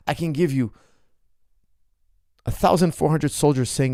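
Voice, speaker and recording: A man's voice: fairly high pitch, quick pace, dark tone, no echo, studio quality. A man hosting his own ask-me-anything show, arguing his point with passion and firing rhetorical questions at his viewers. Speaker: martial arts coach and show host. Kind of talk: ask-me-anything livestream monologue.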